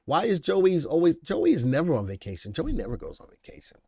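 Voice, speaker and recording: A man's voice: on the high side, wildly swooping pitch, brisk, mellow, husky, no room sound. A man hosting a live stock market stream, reading news headlines aloud and riffing casually on them while answering viewers in the chat. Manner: chatty, reads headlines then riffs, addresses chat viewers by name. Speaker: livestream market show host.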